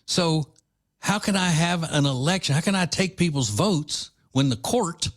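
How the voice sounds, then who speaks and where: A man's voice: on the high side, unhurried, voice pushed up. A man doing a mocking impression of a middle-aged male governor with a Cajun accent, drawn out and sneering. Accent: Cajun, exaggerated.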